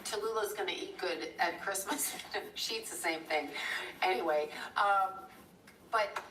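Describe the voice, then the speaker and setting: A chatty middle-aged woman rambles through a story on a live stream, breaking off to thank viewers. Her voice is bright and forward. She sits a little back from the mic in an echoey room, with faint noise underneath. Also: lowish voice, unhurried, far from the mic. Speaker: livestream host.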